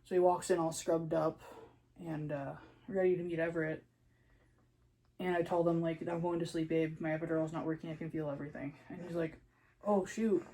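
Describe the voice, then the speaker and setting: A woman's voice: low-pitched, steady tone, a little fast, mellow, poor audio. A young woman casually telling her birth story in a chatty way, full of "like", acting out her own panicked words.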